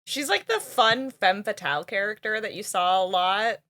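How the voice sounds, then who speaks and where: Co-hosting a podcast, a woman chats casually, full of filler words and frequent laughter. She has an expressive, somewhat bright mid-range voice and keeps a moderate pace.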